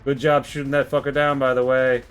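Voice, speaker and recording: A man voicing a brash gangster, swaggering, crude, low voice, faint music. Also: steady tone, fairly quick, lightly acted.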